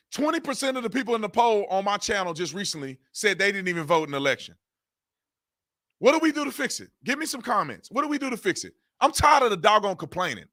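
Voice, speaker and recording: Bright, high-pitched exasperated male commentator. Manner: exasperated, repetitive rhetorical questions, informal grammar. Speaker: political commentary channel host. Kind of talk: ranting political commentary.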